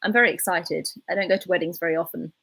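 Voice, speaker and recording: A woman's voice: on the low side, fairly even intonation, quick pace, creaky, a bit bright, slightly rough. A woman in her twenties with a Southern English RP accent, chatting casually on a livestream and reading viewer comments aloud. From England. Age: 20s. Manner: chatty, rambling, reads chat aloud. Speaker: livestreaming YouTuber.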